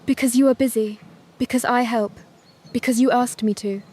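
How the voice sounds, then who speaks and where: A woman voicing a stern, controlling older mother-in-law with a Vietnamese accent and clipped, sharp phrasing. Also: fairly high pitch, normal speed, close to an everyday voice. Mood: curt.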